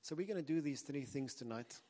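A man delivers a sermon in an earnest, conversational way, circling back and restarting as he talks. His voice sits at an ordinary pitch and carries a long reverb from a large hall. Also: lively intonation, a little fast, dark tone. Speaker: preacher.

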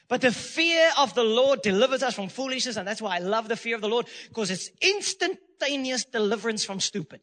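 A man's voice: very high voice, lively intonation, fairly quick, hardly any pauses, pushed and bright, long reverb tail. A man preaching a sermon as pastor, emphatic and repeating phrases for stress.

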